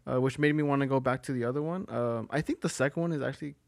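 A man in casual podcast chat who talks quickly. He trips over his words and corrects himself as he goes. His pitch sits in an ordinary middle range. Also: creaky.

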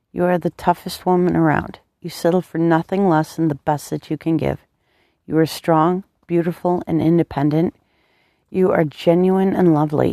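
A devoted young man speaks tenderly and with a playful tease, as a woman reads him aloud. The voice is warm and a little gravelly. The recording is dry and close. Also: on the low side, dry recording, lightly acted. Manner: soft, affectionate, teasing.

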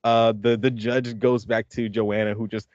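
A man's voice: medium pitch, flat delivery, normal speed, darkish tone, dry recording, muffled recording. A man hosting a podcast in casual chat, rambling and laughing often as he talks. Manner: rambling, laughs often, acts out movie lines. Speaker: podcast host.

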